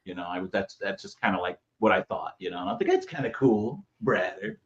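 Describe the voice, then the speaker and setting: A man's voice: fairly low pitch, huge pitch swings, fairly quick, gravelly, muffled recording. A man chatting as a podcast guest, telling a story with a lot of restarts. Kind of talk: casual chat.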